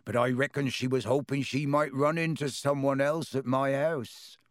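A man voicing a huge, friendly male groundskeeper with a hearty, rough manner. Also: medium pitch, fairly even intonation, moderate pace, no echo, clean studio sound, close to an everyday voice. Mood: teasing.

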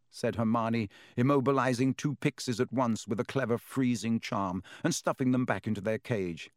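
A man narrating a story aloud in a lively, expressive reading style. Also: mid-range voice, moderate pace, hardly any pauses, no echo, clean studio sound. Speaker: audiobook narrator. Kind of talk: scripted narration.

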